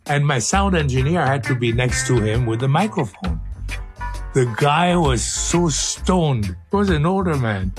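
Lively, joking radio host, slow-spoken. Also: male voice, medium pitch, music in the background. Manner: jokey, animated, laughing often. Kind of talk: playful outtakes and storytelling.

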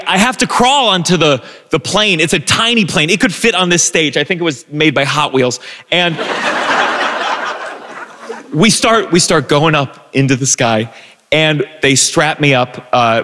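A man telling a self-deprecating personal story on a live stage, animated, with stumbling restarts. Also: fairly high pitch, in a large hall. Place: live stage before an audience.

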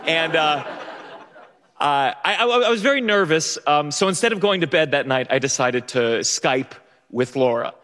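Bright-voiced man telling a story on stage. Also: a little high, animated, moderate pace. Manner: nervous, self-mocking, full of restarts and laughs. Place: stage before an audience. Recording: long stage reverb.

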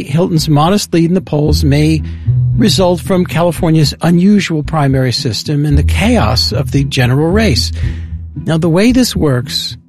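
A man in his sixties hosting a radio interview, explaining the story in a measured way before questioning his guest. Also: a little high. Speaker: radio host.

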